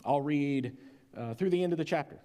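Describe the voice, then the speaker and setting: A man's voice: fairly high pitch, fairly quick, mellow. A man preaching a sermon as pastor, delivering it with emphasis and drawing out key words. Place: church sanctuary. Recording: long church reverb.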